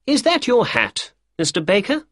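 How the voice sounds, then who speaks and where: A brisk, self-assured gentleman detective from an audiobook, as a male narrator puts him on, his husky voice lifted higher and swinging lively up and down. He sounds emphatic and sure of himself. The recording is dry and close. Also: no echo, exaggerated voice.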